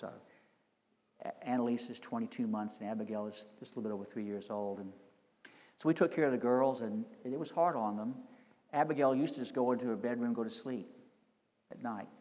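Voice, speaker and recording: A middle-aged man, a senior pastor, preaching a sermon with folksy stories that climb into loud, emphatic peaks. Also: mid-range voice. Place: church sanctuary. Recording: long hall reverb.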